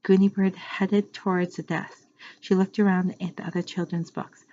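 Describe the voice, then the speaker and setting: A woman reading a children's book aloud to a class like a teacher, unhurried, pausing to explain words and correcting her slips. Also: fairly low pitch, level tone, warm tone. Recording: muffled lo-fi recording.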